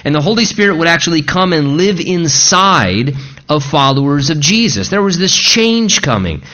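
A male pastor preaching an expository sermon, slowing down deliberately when he reads scripture aloud. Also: on the high side, very animated, sharp tone. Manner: slows to read scripture aloud.

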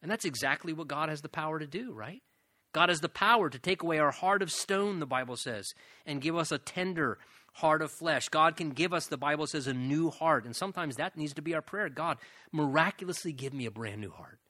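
A man preaching with a bright, forceful voice that sits a little high for a man. He speaks earnestly, repeats phrases for emphasis and slows down on the key lines. The sound is dry and close, with no room echo. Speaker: pastor. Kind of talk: sermon.

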